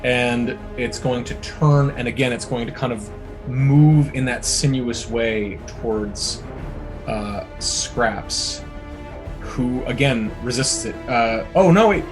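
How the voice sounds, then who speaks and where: A man acts as game master for a tabletop game, narrating slowly and casually in a mid-range voice. His descriptions are full of fillers, with music playing behind him.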